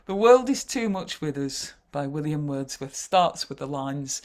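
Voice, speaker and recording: A woman with a Yorkshire accent leading an online poetry workshop over a video call, chatty and wry, often pausing with "uh". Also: sits low, expressive, a little mellow. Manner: chatty, wry, frequent hesitations.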